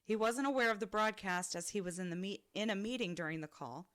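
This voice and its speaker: Woman, podcast co-host, reads listener emails aloud, lively, quick to laugh, mid pitch. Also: smooth. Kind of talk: reading listener stories aloud.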